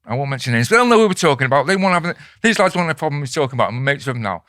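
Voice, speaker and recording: A man's voice: a little high, lively intonation, racing, no echo, studio quality. Foul-mouthed man telling a rowdy story. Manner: swears constantly, acts out quoted voices loudly. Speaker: podcast host. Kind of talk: casual storytelling.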